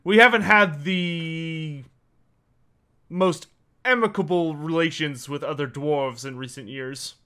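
A man voicing a blunt, pipe-smoking male dwarf foreman in a tabletop game, talking in a gruff, curt, folksy way. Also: a little high, takes it slowly, bright, forceful tone.

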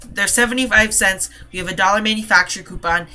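A man's voice: high voice, pushed and bright. A man talking in a casual vlog, ranting in an exasperated, rambling way about a store trip. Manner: exasperated, rambling, quick to laugh. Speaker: couponing vlogger.

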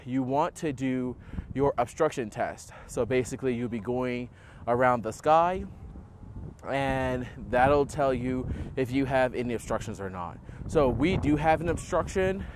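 A young man hosting a how-to tutorial outdoors on a house roof, explaining in a relaxed way with many fillers. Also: medium pitch, slight background noise. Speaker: host of a setup tutorial. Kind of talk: casual how-to demonstration.

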